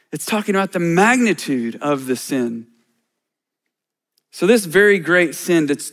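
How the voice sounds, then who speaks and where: A middle-aged man, a church elder, preaching a sermon in a conversational way with self-deprecating humor. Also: a little high.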